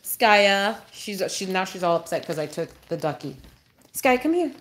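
A woman hosting a casual livestream, who talks to her dog in a high sing-song voice, drops low for asides and exclaims and laughs often. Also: expressive, moderate pace, slight background noise.

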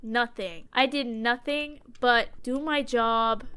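High, bright-voiced woman playing a horror game. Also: fairly even intonation, takes it slowly, hardly any pauses, clean tone. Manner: jokey, talks to the game, screams at jump scares. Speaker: gaming streamer. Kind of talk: horror game let's play commentary.

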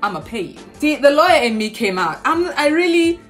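A young woman vlogger telling a storytime tale in a sassy, animated way, with lots of asides. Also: sits high, brisk, faint music behind.

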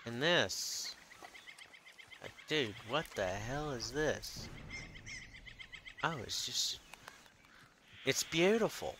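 A man's voice: mid-range voice, sing-song, slow, long pauses, bright, forceful tone. A man giving profane, self-talking gameplay commentary as he hunts and explores in a game. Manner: profane, mutters to himself while playing. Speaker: gaming channel host. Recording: noisy recording.

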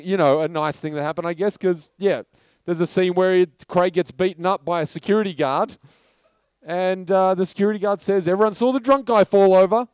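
A man tells a rambling story from a film shoot in a relaxed, conversational way. His voice sits fairly high and sounds smooth and clear. The sound is dry and close, with no room echo. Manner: casual storytelling, loose and chatty. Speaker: film director. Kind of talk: anecdote at a live film talk. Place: pub function room.

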